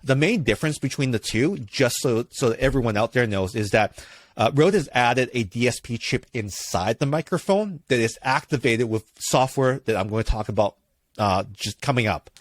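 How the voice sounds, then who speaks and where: A man's voice: mid-range voice, lively intonation, moderate pace, no room sound. A man co-hosting a casual tech podcast, explaining gear at length with lots of fillers and restarts, close on a dynamic microphone in a studio. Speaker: podcast co-host reviewing gear.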